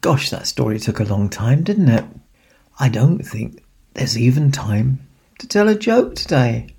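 A man speaking as Santa, telling a children's story in a playful, animated way and asking the listener questions. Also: medium pitch, measured pace, vocal fry, breathy edge.

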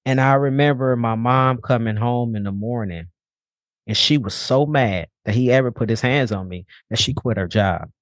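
A man's voice: mid-range voice, normal speed, no echo, studio quality. A young man speaking as a podcast guest, telling a personal story bluntly and casually, with frequent swearing.

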